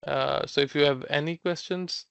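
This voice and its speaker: A man's voice: on the high side, fairly even intonation, vocal fry, a bit bright, clean tone, dry recording. Man teaching Mandarin phrases, dull lo-fi sound. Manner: explains slowly, repeating Mandarin phrases with fillers like "uh" and "like". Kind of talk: online language class.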